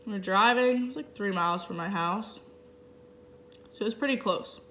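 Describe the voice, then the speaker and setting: Interpreter, woman, mid-range voice, halting first-person voicing of a signed story. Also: medium pitch, bright, forceful tone, a little hiss or hum. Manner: halting, piecemeal phrasing with restarts. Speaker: sign language interpreter.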